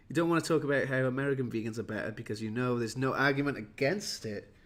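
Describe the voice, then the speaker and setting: A livestream host from Wales, worn out from jetlag, talks casually with viewers in a rambling, self-deprecating way. He speaks briskly at medium pitch with a fairly bright tone.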